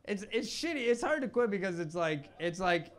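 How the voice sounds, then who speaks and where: A man doing a stand-up comedy set on stage into a handheld microphone, with a hesitant, self-deprecating, halting delivery. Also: sits high, sing-song.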